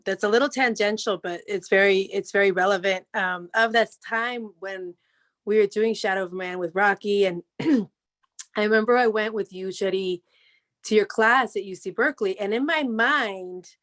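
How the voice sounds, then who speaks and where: A woman on a video call sharing a memory in a reflective, halting way, full of fillers and restarts. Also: mid-range voice, a bit bright. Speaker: guest speaker, former actor in the play.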